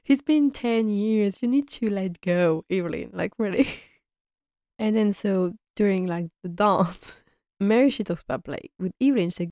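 A woman's voice: mid-range voice, normal speed, dark tone, no echo, studio quality. A young woman giving a casual, enthusiastic episode recap as a fan reviewer, laughing often and using lots of fillers.

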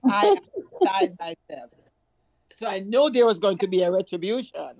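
A middle-aged Jamaican woman, appearing as a guest, chats casually and tells stories animatedly, laughing often. Her pitch is medium, her pace moderate, and the recording is dry.

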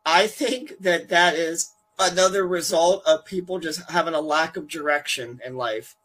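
A man co-hosting a casual podcast, talking in a heated, emphatic way and swearing freely. His voice sits a little high and sounds bright and forceful. He jumps up in pitch when he gets riled. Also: moderate pace, low-quality recording. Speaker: podcast co-host. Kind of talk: opinionated casual chat.

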